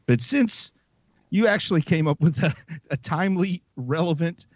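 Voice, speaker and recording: A man's voice: on the high side, lively intonation, moderate pace, no room sound, lo-fi sound. A man co-hosting a movie podcast in casual chat, wry and self-mocking. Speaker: podcast co-host.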